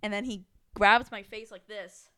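A woman co-hosting a podcast, retelling a story in an animated way and laughing often. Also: medium pitch, normal speed, smooth, no echo, clean studio sound. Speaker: podcast co-host. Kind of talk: casual chat.

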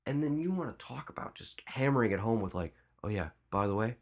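A man co-hosting a podcast in a studio, chatting casually and excitedly, swearing and saying dude a lot. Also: lowish voice, fairly quick. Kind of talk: casual chat.

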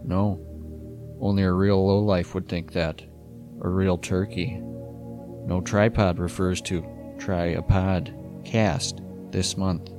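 A man voicing a smooth, low-voiced male promo announcer with a slow, crooning, mock-sincere delivery. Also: level tone, music in the background. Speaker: podcast host.

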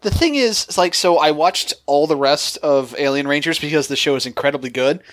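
A podcast co-host chatting casually, with a halting, chatty delivery. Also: medium pitch. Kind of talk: casual chat.

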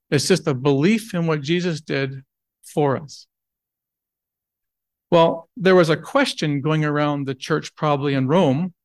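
A man's voice: a little high, no room sound. A man preaching a sermon in an earnest, emphatic way, asking rhetorical questions and then answering them. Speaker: pastor.

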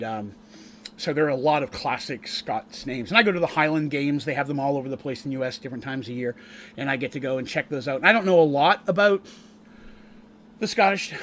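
A man's voice: mid-range voice, fairly bright tone, slight background noise. A Canadian-raised man recapping a tabletop campaign on stream in a casual, rambling way, often restarting his sentences. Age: adult, eldest grandchild with a wife. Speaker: game master and streamer.

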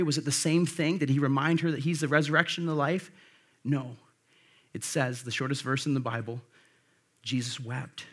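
A man's voice: on the high side, breathy edge. A man preaching a conversational sermon, emphatic and full of rhetorical questions to the congregation. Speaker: pastor.

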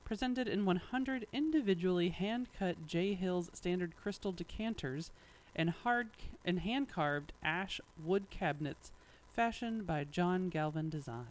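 A man's voice: high-pitched, lively intonation, measured pace, a little hiss or hum, rough recording. A man co-hosting a casual podcast chat, reading a press statement aloud with wry asides and frequent laughs. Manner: wry, laughs often, drifts off mid-sentence. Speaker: podcast co-host.

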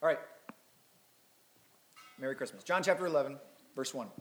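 A man's voice: medium pitch, animated, moderate pace, roomy sound. A man preaching a Christmas sermon as pastor, reading scripture and breaking in with casual, self-deprecating asides.

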